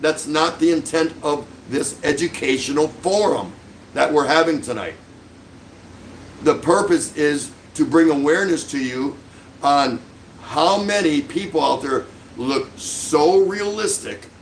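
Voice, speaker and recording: A man's voice: fairly high pitch, a little hiss or hum, poor audio. A middle-aged man hosting a livestream, delivering an angry, sarcastic rant full of insults. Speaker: livestream host.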